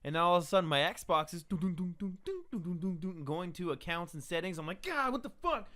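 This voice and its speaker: A man's voice: sits high, fast talker, a bit bright. A man hosting a podcast, telling stories in casual chat, swearing often and acting out quotes. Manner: swears a lot, acts out quotes. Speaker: podcast host.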